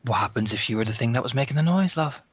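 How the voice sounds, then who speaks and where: A man's voice: mid-range voice, lively intonation, fast, husky. A man voicing a scheming tattooed monster hunter in a tabletop game, coaxing and calling everyone love. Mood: insistent. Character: scheming tattooed man hunting an unseen creature.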